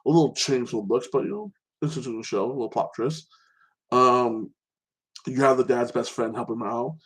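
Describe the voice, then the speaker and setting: A man's voice: mid-range voice, moderate pace, slightly rough, low-quality recording. A man casually recapping and reviewing TV episodes as a show host, rambling and restarting his sentences often. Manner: rambling, with many restarts and frequent "like this".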